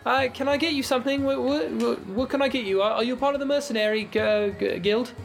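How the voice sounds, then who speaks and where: A flustered little gnome girl innkeeper in a tabletop game, put on by a man. Her voice sits high and squeaky as she stammers through the menu. Soft music plays behind her. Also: brisk, creaky. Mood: flustered eager. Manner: stammering, fussing over orders.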